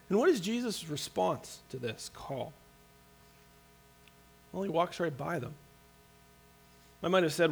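A man delivers a sermon in a relaxed, conversational way. He is earnest, often restarts his phrases, and laughs lightly now and then. His voice sits a little higher than most men's. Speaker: pastor.

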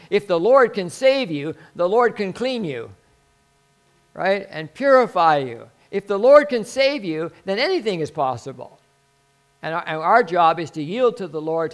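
High-voiced pastor preaching earnestly. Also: male voice, very animated, normal speed. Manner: earnest, conversational preaching with sudden emphatic rises. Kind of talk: sermon.

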